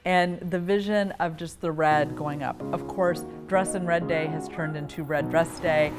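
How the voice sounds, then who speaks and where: Very low-voiced woman explaining. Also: steady tone, unhurried, music in the background. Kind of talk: documentary interview.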